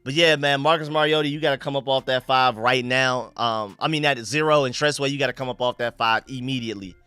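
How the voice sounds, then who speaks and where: A young man from North Carolina with a Southern accent, hosting a casual live stream from his room, animated and slangy, talking straight to his viewers. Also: mid-range voice, clear, resonant tone, dry recording. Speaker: sports live-stream host.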